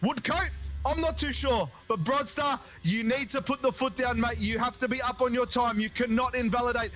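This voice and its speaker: A man's voice: very high-pitched, normal speed, bright, forceful tone, low-quality recording. A man giving live sim racing commentary, calling a hot lap with dramatic, hype-building play-by-play.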